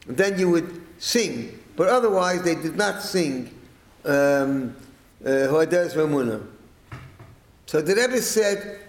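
A middle-aged man telling a family story to listeners, rambling and animated, acting out the quoted speech. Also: on the high side, reverberant, poor audio.

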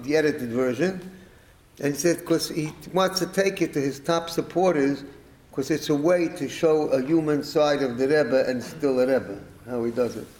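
A middle-aged man telling a family story to listeners, rambling and animated, acting out the quoted speech. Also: on the high side, reverberant, slight background noise, rough recording.

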